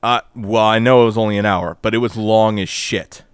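A man co-hosting a podcast in casual chat, animated and profane, mocking others in quoted voices. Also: fairly low pitch, brisk, smooth, no room sound, clean studio sound. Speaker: podcast co-host.

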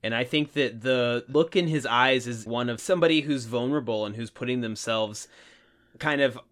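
Young dude cohost, easygoing chat, mid voice, agrees a lot. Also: male voice, mid-range voice, moderate pace. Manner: relaxed, agreeable, chimes in. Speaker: podcast co-host. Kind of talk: casual chat.

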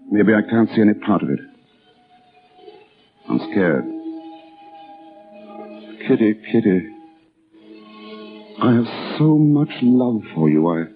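Guy playing a jokey young fella, middle pitch, tinny old recording, faint music. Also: close to an everyday voice. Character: Alan, a playful young man, earnest in love. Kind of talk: old-time radio drama acting.

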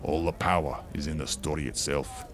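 A man voicing an old male dwarf lawkeeper with a deep voice, steady and commanding. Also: moderate pace. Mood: grave.

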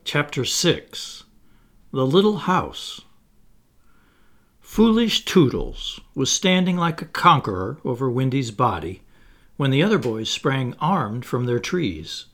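Man, audiobook narrator, slow, very lively pitch, breathy. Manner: slow, expressive storytelling. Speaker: audiobook reader. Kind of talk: scripted narration.

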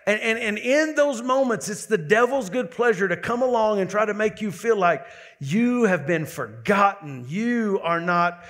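A man's voice: high voice, lively intonation, fairly bright tone. A lead pastor preaching a sermon, building emphasis and repeating words as he drives a point home. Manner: preaching with rising emphasis and quick asides.

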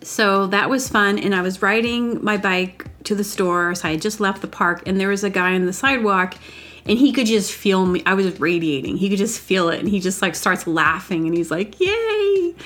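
A woman's voice: medium pitch, fairly even intonation, normal speed, a bit bright. A woman telling a rambling personal story in a casual solo vlog, upbeat and giggly, with lots of "like" fillers. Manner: rambling, chatty, full of "like" fillers.

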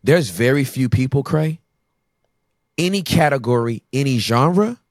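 A man talking as a podcast guest, telling emphatic, animated stories in casual conversation. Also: mid-range voice, a little slow, no echo, clean studio sound.

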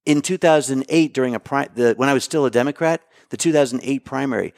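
A man's voice: medium pitch, fast talker, vocal fry, a little mellow, no echo, studio quality. A middle-aged man, a political candidate, giving insistent interview answers that often restart mid-thought and push past interruptions. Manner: insistent, talks over the host, many restarts.

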